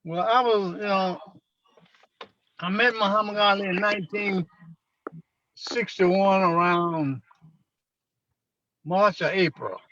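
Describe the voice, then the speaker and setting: An older man being interviewed, recounting personal memories in an unhurried storytelling way and acting out what people said. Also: high voice, pushed and bright, lo-fi sound. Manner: unhurried storyteller who acts out quotes. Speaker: interviewee, former minister.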